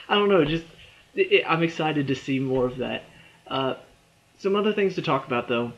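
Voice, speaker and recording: A man's voice: fairly high pitch, animated, moderate pace, long pauses. Chatty young man, tired, on a dull lo-fi recording. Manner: rambling and chatty, with frequent fillers, restarts and little laughs. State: a bit tired. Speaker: movie trailer reviewer. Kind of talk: casual spoken review.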